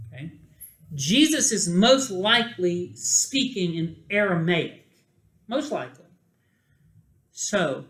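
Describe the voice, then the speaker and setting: A man lecturing a class on scripture, taking his time and drawing out the words he wants to stress. His voice sits high and sounds bright. The recording has a roomy echo, as in a classroom. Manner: deliberate, stretches key words for emphasis. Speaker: teacher.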